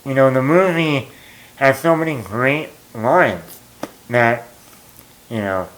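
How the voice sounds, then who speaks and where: Slow-talking man recapping a movie. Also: mid-range voice, fairly bright tone, poor audio. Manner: rambling, retells scenes with quoted lines and chuckles. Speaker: movie talk show host.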